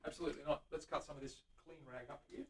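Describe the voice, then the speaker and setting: A chatty man with a high-pitched voice hosts a live stream from his guitar workshop. He greets viewers by name and hums while he works. His voice sits back from the microphone. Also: level tone, quick pace, a little mellow, far from the mic, a little hiss or hum. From Australia. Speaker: luthier host. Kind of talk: casual live-stream chat while working.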